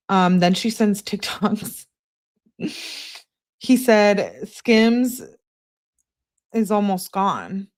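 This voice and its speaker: A young woman with a somewhat low voice reads text messages aloud for a true crime audience. She reads casually and keeps stopping to add blunt, scornful comments of her own.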